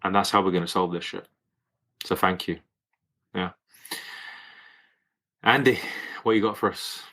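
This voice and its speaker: A man with a low but bright, forceful voice talks in an encouraging, brotherly way. He swears casually and cheers the others on. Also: a little slow. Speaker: coach. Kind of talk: casual group conversation.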